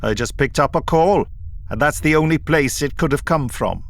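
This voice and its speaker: A man's voice: a little high, normal speed, voice pushed up, close to an everyday voice. A man voicing a sleepy but stubborn male communications technician, raised and insistent. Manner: insistent, dogged.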